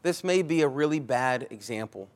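Guy preaching a sermon, medium pitch, chatty and emphatic, keeps restarting his sentences. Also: animated, moderate pace. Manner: conversational, emphatic, rephrases mid-sentence. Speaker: pastor. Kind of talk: expository sermon.

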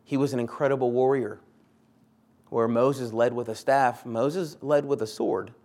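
A man's voice: medium pitch, steady tone, unhurried, darkish tone. A man preaching a sermon in an earnest, conversational way, repeating short phrases for emphasis. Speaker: pastor.

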